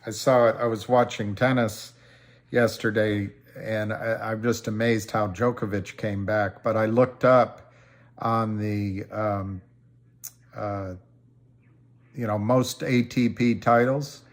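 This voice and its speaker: A man hosting a casual livestream, answering viewer comments in a slow, halting way with many ums and restarts. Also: on the low side, steady tone. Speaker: livestream host.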